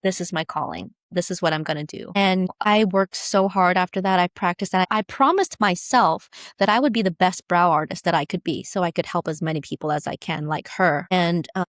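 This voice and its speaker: A woman guest, a brow tattoo business founder, telling her personal story in an interview in emphatic, animated bursts. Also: on the low side, moderate pace, few pauses, dry recording, studio quality.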